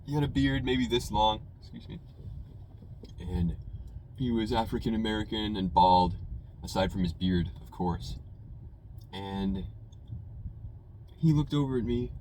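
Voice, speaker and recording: Low-voiced young man telling a rambling story. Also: unhurried, long pauses, a little mellow, a little hiss or hum, rough recording. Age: young adult. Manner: rambling, conversational, full of "you know" and "man". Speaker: food reviewer telling a story. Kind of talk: casual storytelling.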